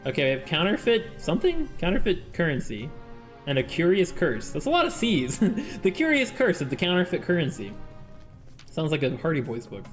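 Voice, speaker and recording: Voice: mid-range voice, wildly swooping pitch, normal speed, faint music behind. A streamer chatting casually with viewers during a game, laughing often and reading game text aloud. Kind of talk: casual live-stream gameplay chat.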